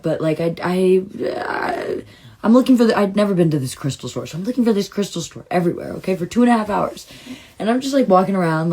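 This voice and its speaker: A woman telling a personal story in a rambling, emotional way, full of "like" and sudden jumps into excited retelling. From Southern California. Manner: rambling and emotional, heavy use of "like"; swings into excited, high-pitched retelling. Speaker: storytime vlogger. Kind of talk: casual storytelling monologue.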